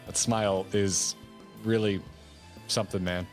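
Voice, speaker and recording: A man's voice: fairly low pitch, moderate pace, a bit bright, faint music behind. A man streaming a game, chatting in a wry, joking way and swearing casually. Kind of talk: casual gaming stream chat.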